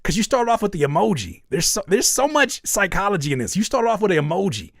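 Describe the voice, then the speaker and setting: A man's voice: high-pitched, very animated, quick pace, vocal fry, no echo, clean studio sound. A man hosting a live music feedback stream, giving frank, profane advice and playing up joking mock outrage at the chat. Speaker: host reviewing music live.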